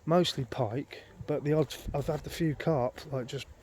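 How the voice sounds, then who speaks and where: A man's voice: on the high side, moderate pace, darkish tone, a little hiss or hum. A man filming a casual outdoor vlog at a lake on a handheld phone, telling a rambling, exasperated story full of swearing. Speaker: vlogger.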